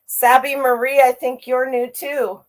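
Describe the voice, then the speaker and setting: A woman's voice: high-pitched, level tone, unhurried. A middle-aged woman hosting a casual livestream, chatty and upbeat as she greets viewers by name. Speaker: livestream host greeting chat.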